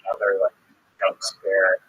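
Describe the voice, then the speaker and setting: A man's voice: deep voice, monotone, unhurried, a bit bright, husky. A man hosting a livestream, rambling casually with lots of filler words, in a dull lo-fi recording. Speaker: livestream host. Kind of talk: casual chat. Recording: dull lo-fi stream audio.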